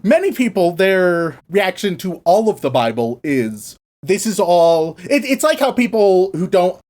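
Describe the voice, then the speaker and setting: A man co-hosting a podcast, casually retelling a story with lots of swearing and quick acted-out asides. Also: sits high, big pitch swings, darkish tone. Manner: profane, playful, acts out characters in quick asides. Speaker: podcast co-host.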